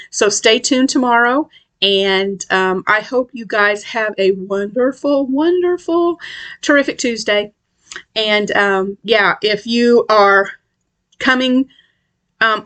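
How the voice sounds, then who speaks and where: A woman's voice: mid-range voice, pushed and bright. A middle-aged woman from West Tennessee, chatting casually about her crochet projects and rambling with lots of ums and restarts. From West Tennessee, USA. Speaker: crochet channel host. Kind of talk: casual craft vlog chat.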